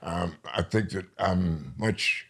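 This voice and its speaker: An older man from New York, a poet being interviewed, telling stories in a lively way and slowing down for emphasis. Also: sits low, breathy edge. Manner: lively storyteller, slows down for emphasis. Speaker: poet guest. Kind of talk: storytelling interview.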